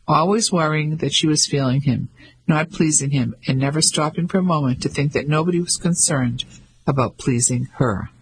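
A man reading an audiobook as narrator, with measured storytelling. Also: fairly high pitch, a little hiss or hum, low-quality recording. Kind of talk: scripted narration.

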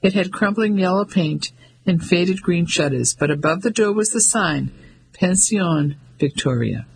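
A man narrating an audiobook in a steady, descriptive manner. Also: high-pitched, unhurried, gravelly, slightly rough, poor audio.

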